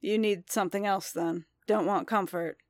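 A steady male bounty hunter, as a woman reader puts him on, laying things out in dry, level tones like a warrior giving a battle plan. The reading is recorded close and dry, with no room sound. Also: mid-range voice, normal speed, dry recording, natural voice. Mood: dry, even.

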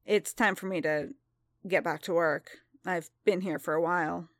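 A woman reading as a quiet, steady male bounty hunter. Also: lowish voice, normal speed, dry recording, studio quality, close to an everyday voice. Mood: firm.

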